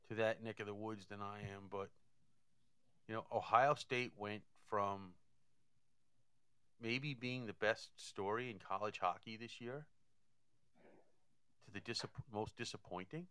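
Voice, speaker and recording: A man's voice: on the low side, pushed and bright, smooth, no room sound. A man giving casual hockey analysis, thinking aloud and often repeating words as he goes. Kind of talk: casual sports talk.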